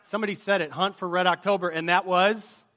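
A man's voice: high voice, fairly even intonation, fairly quick, sharp tone. A man leading a church congregation in a sermon opening, chatty and joking as he quizzes the crowd. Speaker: pastor. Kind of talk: sermon opening with a movie-quote game. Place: church service before a live congregation.

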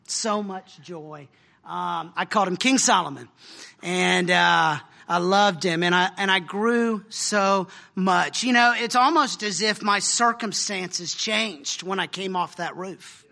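High, bright-voiced man preaching casually. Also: a little slow, gravelly. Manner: animated, laughing, casual slang. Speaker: speaker sharing a mission trip story. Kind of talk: informal sermon with slides.

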